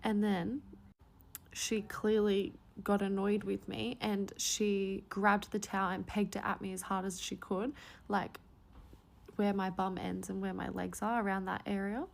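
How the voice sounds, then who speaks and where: Woman, storytime vlog, gravelly fry, chatty animated retelling. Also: mid-range voice, unhurried.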